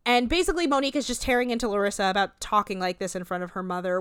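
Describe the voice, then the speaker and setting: Brief: woman, 30s, podcast co-host, animated retelling, dry close mic. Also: clear, resonant tone, no echo. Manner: animated retelling, shifting quickly between pitches. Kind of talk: casual chat recapping a TV show.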